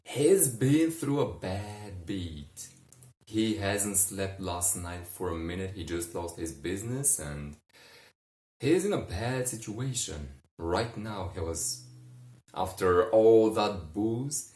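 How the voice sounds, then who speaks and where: A man narrating a bedtime sleep story in a soft, meandering way, often correcting himself as he goes, recorded in a roomy space from a distance. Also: low-pitched, takes it slowly.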